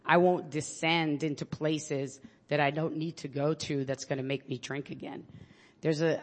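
Halting New York woman sharing. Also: low-pitched, a bit bright. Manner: halting and earnest, many restarts and fillers. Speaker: public defender sharing at a recovery meeting. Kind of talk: personal share at a support group meeting.

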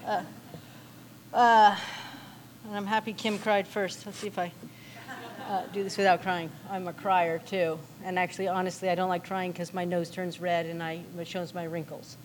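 A middle-aged woman with a lowish voice opens up at a recovery meeting. She is openly nervous and halting, stopping often with "um" and "uh" as she finds her words. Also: little pitch movement, slight background noise. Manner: nervous, hesitant, many ums and uhs. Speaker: meeting speaker. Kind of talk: personal recovery share.

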